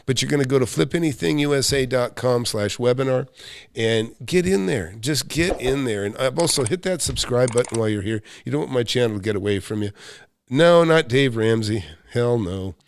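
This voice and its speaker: A man's voice: mid-range voice, a little fast, vocal fry, no room sound, clean studio sound. A middle-aged American man hosting a live stream about making money, talking bluntly, swearing now and then, with lots of restarts. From United States. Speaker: real estate coach hosting a live Q&A stream. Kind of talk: live-stream chat with viewers.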